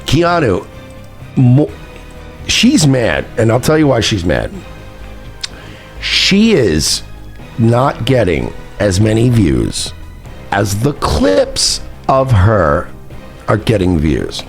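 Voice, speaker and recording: Man, gravelly voice, lively swooping pitch, profane heated rant, faint music behind. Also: slow pace, long pauses. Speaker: streamer host. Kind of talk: ranting commentary.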